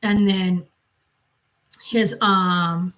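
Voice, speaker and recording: Replying to viewer comments from her loft, a mother hosting her channel chats and rambles through loose stories. Her lowish, a bit bright voice is extremely slow with fairly even intonation, and the recording is low quality.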